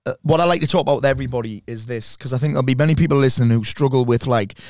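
Man, podcast host, fast talker, quick reactions, dry close sound. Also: medium pitch, darkish tone, no room sound. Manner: quick interjections and eager questions. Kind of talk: casual interview chat.

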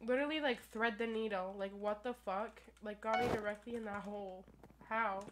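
A young woman giving gameplay commentary at her computer, full of crude, profane, playful trash talk and quick rants. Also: medium pitch, fairly even intonation. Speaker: gaming YouTuber. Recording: noisy recording with keyboard clicks.

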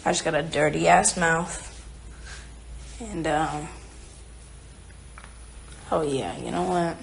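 A young woman talks on a livestream from her home, her voice gravelly and her pace slow and unhurried. She rambles and swears freely, reading viewer comments aloud and answering them into her phone. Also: sits low, steady tone, a little hiss or hum. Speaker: singer on a livestream. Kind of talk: casual livestream chat. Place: home, indoors.

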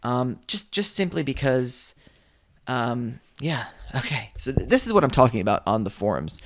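A man's voice: mid-range voice, very animated, normal speed. Casual rambling man teaching online business. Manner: rambling, filler-heavy, dryly sarcastic. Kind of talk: casual screen-share commentary.

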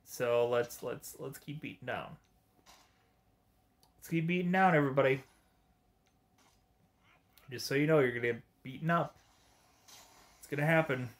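Slow, rambling male gamer. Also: mid-range voice. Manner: rambling, halting, with frequent fillers. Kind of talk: casual gameplay commentary, reading dialogue aloud.

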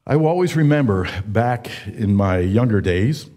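A man in his seventies preaching a sermon, telling folksy stories with frequent pauses and fillers. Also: lowish voice, expressive, mellow. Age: 70s. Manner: folksy storytelling, with many uh fillers. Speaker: pastor.

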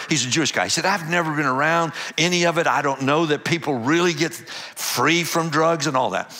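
Older male pastor, animated storyteller, slightly high, bright tone. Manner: animated storyteller acting out dialogue, laughing. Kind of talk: storytelling testimony.

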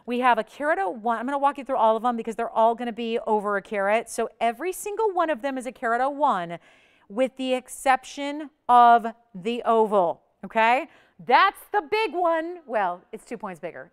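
A woman hosts a live shopping channel, delivering an upbeat, persuasive sales pitch directly to viewers in a clear, resonant tone.

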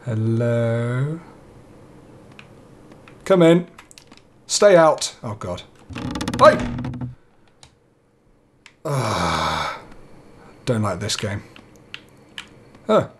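A man's voice: fairly low pitch, very animated, very slow, long pauses, slight background noise. A young man playing a horror game, nervously talking himself through it and swearing now and then. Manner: jittery, talks himself through fear, swears. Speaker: let's play gamer.

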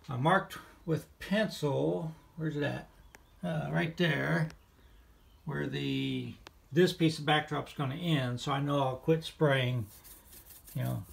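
A man casually talking through a hobby build at home, thinking aloud with plenty of filler words, recorded on a phone camera. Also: fairly high pitch. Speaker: model railroad hobbyist. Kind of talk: casual how-to narration. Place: home, kitchen table area. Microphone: phone camera, sometimes on tripod. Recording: roomy and distant phone audio with clear noise.

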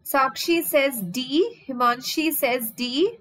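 Indian lady teacher, high voice, switches hindi and english, keeps asking the class yes or no. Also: fairly bright tone, rough recording. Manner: coaxing students with repeated questions, mixing Hindi and English; drawn-out fillers while thinking. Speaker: online exam-prep teacher. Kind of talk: live online vocabulary lesson.

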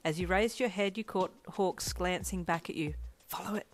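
A woman narrates a romance story in the second person, speaking softly and quietly. Her voice sits a little low, with an even, gentle pace. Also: normal speed, slight background noise. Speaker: fanfiction reader.

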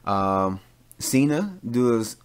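A man hosting his own podcast, giving casual solo commentary in an animated, rambling rant full of fillers and restarts. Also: mid-range voice, extremely slow, clean tone. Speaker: podcast host; father.

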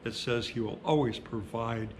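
Middle-aged pastor telling stories in a sermon. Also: male voice, mid-range voice, steady tone, slight background noise. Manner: conversational storytelling, slowing for emphasis.

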